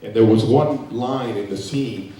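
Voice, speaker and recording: An animated man in his fifties tells a story as a panel guest, acting out the voices of people he quotes. His voice has a slightly low pitch. It comes from far off the mic and echoes around a big hall, with faint noise behind it. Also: unhurried. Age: 50s. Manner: animated, acting out quoted lines, laughing often. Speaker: guest actor. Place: festival event hall.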